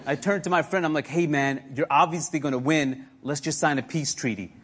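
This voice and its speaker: A man doing a deadpan stand-up comedy set, recorded live in a club. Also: fairly high pitch, brisk, a little hiss or hum, close to an everyday voice. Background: audience laughter.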